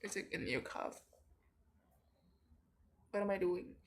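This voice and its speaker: Speaking slowly in an animated, medium-pitched voice, a young woman about to head off to university chats through a late-night confessional vlog. Tired and drowsy, she wanders from thought to thought, scattering fillers and plenty of "likes" as she goes.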